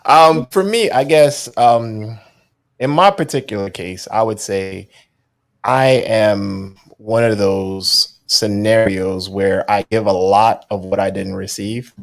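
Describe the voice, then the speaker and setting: A man co-hosting a podcast, calm and measured, thinking aloud with pauses. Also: lowish voice, creaky. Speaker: podcast co-host. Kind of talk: casual podcast chat.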